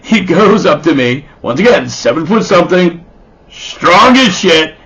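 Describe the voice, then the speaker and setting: A man's voice: on the high side, sing-song, a little slow, a bit bright, husky, low-quality recording. A man telling rambling, profane stand-up stories about himself, often stammering through restarts. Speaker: stand-up comedian. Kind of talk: stand-up storytelling.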